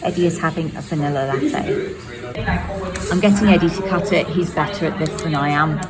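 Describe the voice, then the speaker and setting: A woman's voice: sits low, brisk. A woman, a food vlogger, chatting casually and self-deprecatingly to camera. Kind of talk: casual vlog narration. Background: background music.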